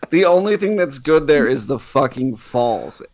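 Man, sports podcast co-host, medium pitch, sarcastic, profane, ranting banter. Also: sing-song, unhurried.

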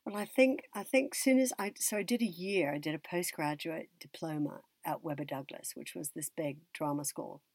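Woman from the States, low husky voice, reflective storyteller in a dry, close recording. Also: a little mellow, no echo. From United States. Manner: reflective, unhurried, trails off and restarts. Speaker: actress and drama teacher being interviewed. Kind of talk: personal storytelling in an interview.

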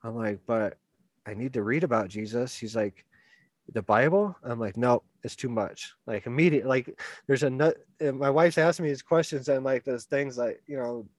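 A man's voice: medium pitch, normal speed, no room sound. Rambling man telling a story, dry sound. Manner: rambling, animated, repeats words and restarts; laughs through his own story. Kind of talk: casual storytelling.

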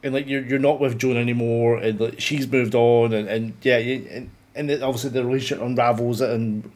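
A man's voice: mid-range voice, fairly even intonation, brisk, darkish tone. A man chatting casually about a film, rambling with many restarts and swearing freely. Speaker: film podcast co-host. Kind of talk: casual chat.

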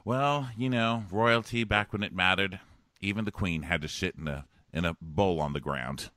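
A man hosts a chatty comedy podcast, his voice low-pitched but bright and forward. He jokes in a campy, theatrical way and laughs often. The sound is dry and close, with no room echo. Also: normal speed. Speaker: podcast host. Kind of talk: casual comedic chat. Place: hotel room. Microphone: remote connection.

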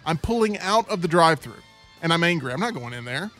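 A man's voice: a little high, quick pace, soft background music. A man hosting a casual chat show, telling stories animatedly and acting out what people said. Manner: animated storyteller who acts out quotes. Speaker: host.

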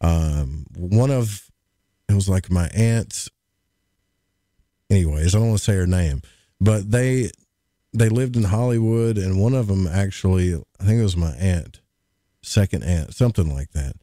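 Man, casual podcast chat, low voice, dry close sound. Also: unhurried, long pauses, mellow, no room sound. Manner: folksy, rambling, jokey. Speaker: podcast co-host.

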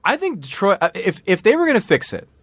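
A man's voice: sits high, wildly swooping pitch, fast talker, a bit bright, no room sound, studio quality. A man co-hosting a podcast in casual chat, joking, laughing often and restarting his sentences. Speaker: podcast co-host.

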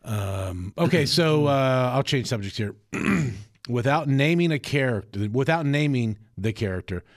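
A man's voice: medium pitch, lively intonation, measured pace, no echo. A man co-hosting a casual podcast, speaking in a dry, teasing way. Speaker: podcast co-host.

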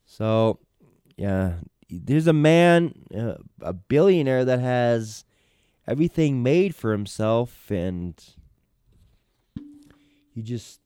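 A man with a mellow, smooth voice hosts a casual talk show, reading out news items and then musing on them. He rambles and hesitates between thoughts. The sound is dry and close. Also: medium pitch, sing-song, slow, pauses often, dry recording. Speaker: podcast host.

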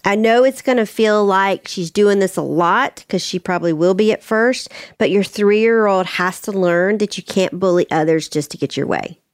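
A middle-aged woman, hosting a parenting podcast and giving casual advice through animated stories. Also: medium pitch, moderate pace, hardly any pauses, no echo, studio quality. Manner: warm storytelling, animated, acts out quotes. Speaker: parenting podcast host, expert.

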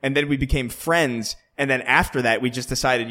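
A young man co-hosting a podcast, telling stories in casual chat with plenty of swearing and animated restarts. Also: mid-range voice, fairly quick, few pauses. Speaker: podcast co-host.

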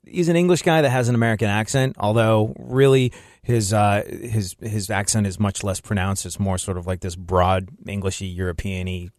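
A man's voice: lowish voice, darkish tone, no room sound, studio quality. A man hosting a podcast, chatting casually, rambling and laughing often. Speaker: podcast host. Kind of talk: casual chat.

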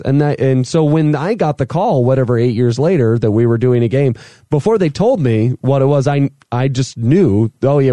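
Mellow-voiced man telling a story. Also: mid-range voice, no room sound. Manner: animated storyteller, acts out quotes. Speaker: voice actor guest. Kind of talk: casual anecdote chat.

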